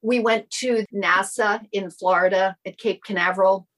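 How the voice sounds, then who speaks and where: Heard on a rough recording, this middle-aged woman speaks in a mid-range voice at a moderate pace. She's a guest in a casual interview, telling a personal story with animation and performing the quoted lines of its characters.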